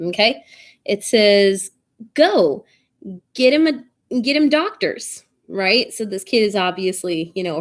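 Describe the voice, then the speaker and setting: Young woman teacher, bright tone, informal and full of "um" and "right?". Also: medium pitch. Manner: chatty, with many fillers and "right?" checks. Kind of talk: live online class lesson.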